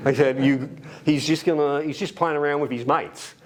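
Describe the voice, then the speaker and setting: Lively Australian man telling stories. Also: a little high, normal speed. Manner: animated, acts out quoted voices, laughs often. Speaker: storyteller. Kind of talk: casual anecdote telling. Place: library event room.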